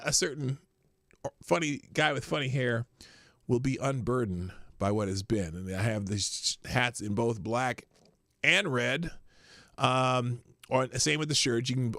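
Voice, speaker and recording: A man's voice: medium pitch, sharp tone, dry recording, clean studio sound. A middle-aged man with a lingering cough, rambling casually as he hosts a livestream and greets viewers in chat. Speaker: livestream host.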